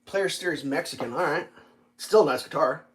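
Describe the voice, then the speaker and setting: A man with a high-pitched voice chats loosely on a livestream, rambling through a story. He swears freely and leans on fillers and restarts as he talks. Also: normal speed, a little hiss or hum. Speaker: livestream host. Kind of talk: casual livestream chat.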